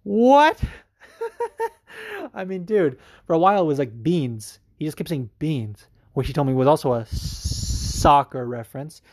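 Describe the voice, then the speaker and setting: A man hosting a podcast, talking casually in a rambling, excitable way with plenty of fillers and swearing. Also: medium pitch, moderate pace, hardly any pauses, no room sound, studio quality. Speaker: podcast host. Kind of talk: casual chat.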